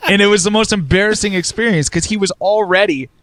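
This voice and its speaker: A man's voice: high-pitched, quick pace, fairly bright tone, dry recording. A man co-hosting a casual podcast who tells self-deprecating stories and laughs often. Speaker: podcast co-host. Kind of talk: casual banter.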